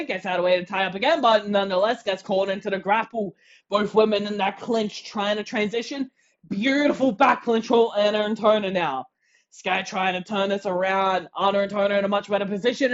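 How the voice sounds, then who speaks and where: A wrestling commentator calling a match play-by-play, excitable and shouting on the big moves. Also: mid-range voice, highs cut off.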